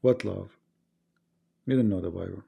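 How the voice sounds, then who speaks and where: A man's voice: deep voice, normal speed, gravelly, warm tone, slightly rough. A man hosting a livestream, talking casually in English and arguing through rhetorical questions. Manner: argumentative, asks rhetorical questions, non-native grammar. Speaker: livestream host.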